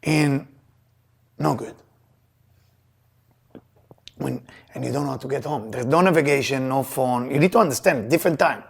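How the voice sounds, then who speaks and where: A man teaching Kabbalah to a live audience, telling personal stories in an emphatic, animated way with loose grammar. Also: medium pitch, normal speed, gravelly, pauses often, slightly rough. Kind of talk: lesson with personal storytelling.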